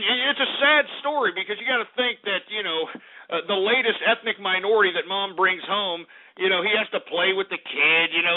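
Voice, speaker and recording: Give me an abrasive, cursing radio host, a man with a high voice, heard through a thin, phone-like line. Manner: ranting, profane, abrasive. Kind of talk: call-in radio rant. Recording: tinny lo-fi radio archive with faint music.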